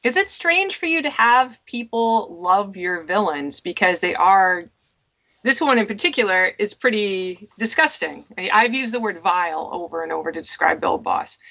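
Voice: mid-range voice, expressive, moderate pace, creaky, bright, forceful tone. An interviewer asking direct, curious questions.

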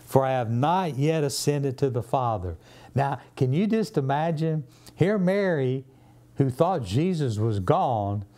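A man with a Southern US accent, a pastor leading a Bible study in a church, animated and acting out the scripture he quotes. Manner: animated, acts out scripture quotes with rising pitch.

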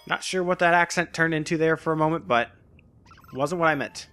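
A man's voice: on the high side, a little fast, sharp tone, soft background music. A man casually narrating his gameplay, rambling with frequent restarts and jokes about puns. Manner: rambling, self-correcting, jokey about puns. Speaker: let's play host.

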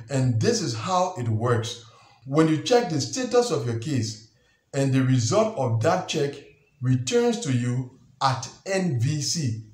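A man hosting an explainer video, talking in a measured, methodical way and repeating key points. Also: medium pitch, a little mellow, roomy sound. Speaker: channel host. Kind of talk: scripted explainer talk.

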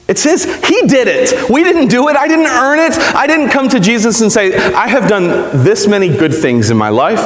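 A man's voice: high voice, roomy sound, long reverb tail. A young man preaching a live sermon in church, chatty and joking, putting questions to the congregation. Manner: conversational, asks the congregation questions, jokes. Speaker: pastor. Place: church sanctuary.

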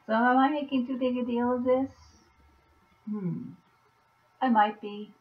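A woman talking softly and gently to a viewer in a personal video message, reassuring, with halting pauses. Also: on the high side, steady tone. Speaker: vlogger. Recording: dull lo-fi recording.

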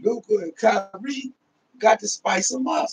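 A man chatting casually about sports with his friend, halting and repeating words as he talks. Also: high-pitched, slight background noise. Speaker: friend on the stream.

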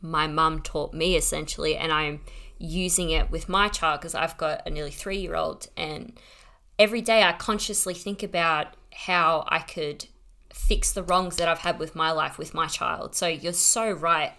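A woman's voice: sits low, fairly even intonation, normal speed, pushed and bright. A woman hosting a podcast, talking earnestly and affirming her guest in casual interview chat. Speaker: podcast host.

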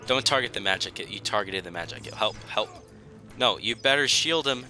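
A man's voice: lowish voice, animated, moderate pace, pushed and bright, soft background music. A young man commentating his own strategy game, pleading and joking at the enemy in a dramatic, self-mocking way. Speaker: gaming YouTuber. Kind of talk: gameplay commentary.

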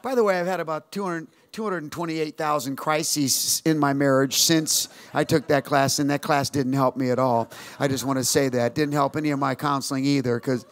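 A man's voice: medium pitch, normal speed, no room sound. A man in his sixties, a pastor telling stories in a sermon and calling for amens and responses from the church. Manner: animated storytelling preacher, calls for amens and response.

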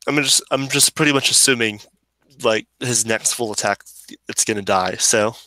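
A man's voice: lowish voice, moderate pace, pushed and bright, no room sound, rough recording. A man acting as game master, casually narrating monster attacks and joking with the players. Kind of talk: running a tabletop game over voice chat.

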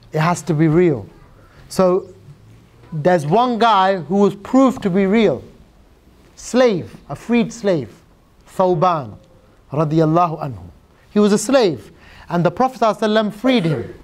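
A man with a high-pitched voice delivers a sermon. He tells stories in a lively, informal way, softening his voice for quoted lines, and speaks straight to his listeners. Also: moderate pace, pauses often. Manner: lively storyteller who acts out quotes in a softer voice; direct and informal, addressing the audience. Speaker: preacher.

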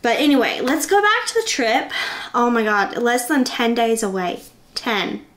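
A young woman vlogging from her bedroom in a chatty, excitable, rambling way. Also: a little high, normal speed. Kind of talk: casual vlog chat.

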